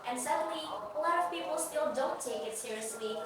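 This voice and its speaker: A woman's voice: high-pitched, normal speed. A young woman co-hosting a student book podcast, speaking sincerely and reflectively. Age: young adult. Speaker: podcast co-host. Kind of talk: scripted casual podcast chat. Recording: echoey room, far-off mic, background noise.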